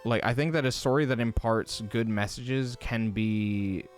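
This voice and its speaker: A man hosting a live stream, ranting in a rambling, profane, animated way with many fillers. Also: mid-range voice, a little slow, soft background music. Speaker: livestream host. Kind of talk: casual livestream chat.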